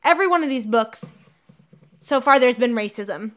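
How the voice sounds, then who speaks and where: Twenties gal on a book podcast, high voice, ranting half-jokingly and cracking up. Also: female voice, normal speed. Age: 20s. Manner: animated, laughing, mock-furious ranting. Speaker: podcast co-host. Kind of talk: casual book-discussion chat.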